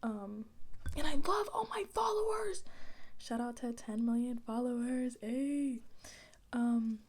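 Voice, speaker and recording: A young woman, chatting casually in soft-spoken ASMR style, slipping into whispers as she rambles in slang. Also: fairly high pitch, expressive, slow pace. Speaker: ASMR creator.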